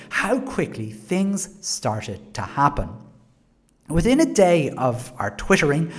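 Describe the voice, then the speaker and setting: An Irish podcaster holds forth in a solo monologue about schools. The delivery is sarcastic and full of wry asides. The pitch rises and falls a lot. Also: darkish tone. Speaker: education podcaster.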